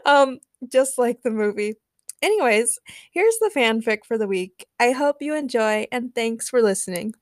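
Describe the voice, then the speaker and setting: A woman's voice: fairly high pitch, animated, normal speed, no echo, clean studio sound. A woman hosting a podcast, chatting enthusiastically and narrating a story. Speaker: podcast host. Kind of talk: casual chat and story narration.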